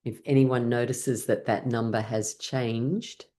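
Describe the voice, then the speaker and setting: A woman's voice: rumbling low, fairly even intonation, slow, mellow. A woman leading an online laughter yoga class, coaxing people through breathing, shaking and clapping, and breaking into rhythmic laughter herself. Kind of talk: guided laughter exercise class. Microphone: online class, video call.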